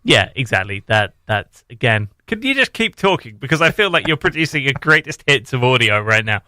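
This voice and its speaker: A man's voice: mid-range voice, very animated, fairly quick, sharp tone, no echo, clean studio sound. A man co-hosting a radio show, bantering playfully and teasing about pronunciation. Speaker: radio co-host. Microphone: studio microphone.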